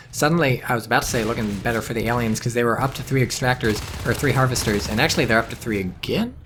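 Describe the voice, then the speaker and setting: A man giving casual solo commentary on a competitive video game, rambling and dropping deadpan jokes. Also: medium pitch, a little hiss or hum. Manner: rambling, deadpan jokey asides. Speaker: esports caster.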